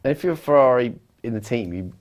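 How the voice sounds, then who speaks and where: A man co-hosting a live race watchalong, chatting quickly through his analysis of the race. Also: mid-range voice, animated.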